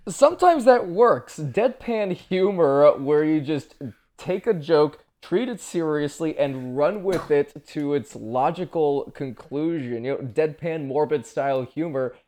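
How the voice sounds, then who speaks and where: A guest on a podcast, calmly explaining views on a film in a measured way. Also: mid-range voice. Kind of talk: casual film discussion chat.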